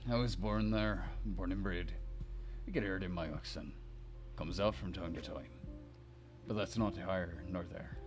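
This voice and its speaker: A man putting on a deep-voiced Scottish teacher. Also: soft background music. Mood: concerned. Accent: attempted Scottish. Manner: slow, low, gently conversational. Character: big deep-voiced male teacher, calm and kindly.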